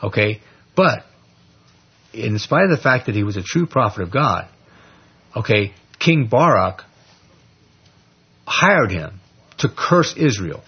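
A husky-voiced man gives a loose, chatty sermon, leaning on "you know" and "okay?" as he walks listeners through scripture. His voice comes through a dull, muffled lo-fi recording, and he keeps the delivery lively and animated. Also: on the low side, slow, long pauses. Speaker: lay Bible teacher. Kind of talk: informal Bible study sermon.

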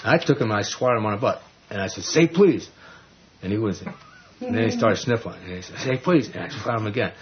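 A man preaching a sermon, telling family stories in an animated way, acting out quoted voices and often restarting his words. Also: on the low side, rapid-fire. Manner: animated storytelling, acts out quoted voices, frequent stammered restarts. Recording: dull lo-fi recording.

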